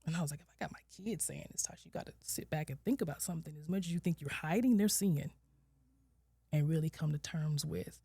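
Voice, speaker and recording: A woman in her forties shares a personal story as a podcast guest, speaking candidly in a lowish, mellow voice. She voices her own words and her children's as she goes, at times sinking to a soft near-whisper, and the sound is dry and close. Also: fast talker, breathy edge, no echo. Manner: candid, quotes herself and her kids with lively shifts, drops to soft near-whispers. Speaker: guest, licensed clinical social worker. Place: podcast studio.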